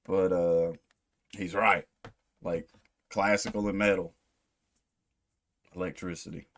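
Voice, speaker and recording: A man's voice: sits low, flat delivery, takes it slowly, a bit bright. A man hosting a music reaction video, talking casually and thinking aloud with rambling restarts. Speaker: music reaction channel host.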